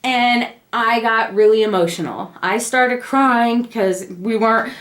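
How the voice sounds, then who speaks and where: A young woman casually telling her family the story of a birth, acting out the quoted lines. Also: measured pace. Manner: animated, acts out the quoted lines in a high voice. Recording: echoey room.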